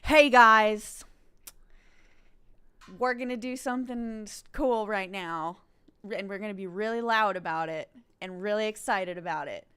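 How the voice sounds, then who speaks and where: A woman putting on a booming, over-the-top male streamer host who greets the crowd at full volume. Everything comes out loud and excited, pushed like a sports announcer hyping the next segment. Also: unhurried, clear, resonant tone, lightly acted. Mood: hyped.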